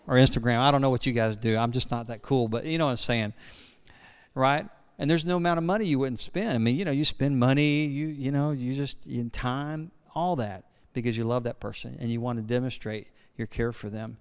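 A man's voice: mid-range voice, fairly even intonation, fairly quick, smooth. A middle-aged man preaching a sermon, talking casually and asking the congregation questions. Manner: conversational, asks the congregation questions. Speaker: guest preacher.

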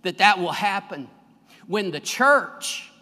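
A man preaching a fervent sermon as pastor, swelling louder on his key phrases. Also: high voice, lively intonation, slow pace. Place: church sanctuary. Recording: long reverb of a large hall.

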